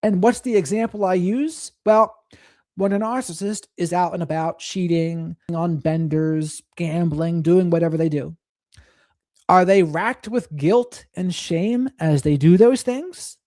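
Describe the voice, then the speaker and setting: A man's voice: high voice, measured pace, dark tone, dry recording, clean studio sound. A man hosting a live stream, commenting on clips in a reflective way and reading and thanking viewers from the chat.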